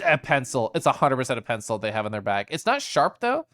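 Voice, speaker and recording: A streamer chatting and giggling through a live game playthrough, reading choices out loud. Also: mid-range voice, sing-song, quick pace, few pauses, soft background music.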